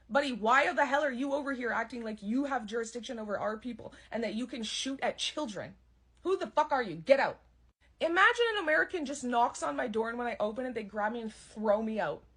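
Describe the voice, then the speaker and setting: Young woman, higher voice with a husky edge, heated and sarcastic, swearing freely. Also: fairly bright tone. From Canada. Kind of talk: ranting monologue.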